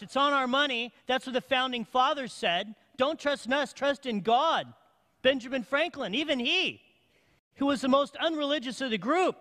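A male pastor preaching a sermon in a church, with emphatic call-and-response and slow, deliberate phrasing. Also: extremely high pitch, sharp tone. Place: church sanctuary. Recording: long hall reverb.

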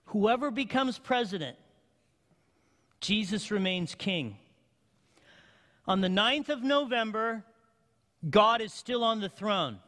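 High-voiced preacher in a reverberant sanctuary. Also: male voice, lively intonation, bright, forceful tone. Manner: emphatic call-and-response preaching, slow deliberate phrasing. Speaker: pastor. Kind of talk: sermon. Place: church sanctuary. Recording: long hall reverb.

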